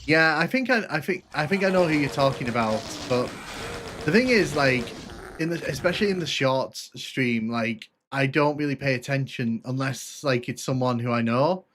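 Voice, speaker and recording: A man chatting loosely through a live gameplay stream, his voice of ordinary middle pitch. He talks in halting bursts full of fillers and restarts as he answers viewers. A faint hum sits behind him. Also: expressive, a bit bright. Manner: rambling, hesitant, many restarts and fillers. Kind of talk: casual live gameplay commentary.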